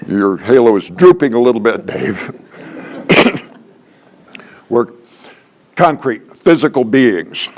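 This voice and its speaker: An older man gives a training talk to a small group at a middle pitch. He speaks in a folksy, joking way and repeats each key phrase for emphasis. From Canada. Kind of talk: workshop lecture.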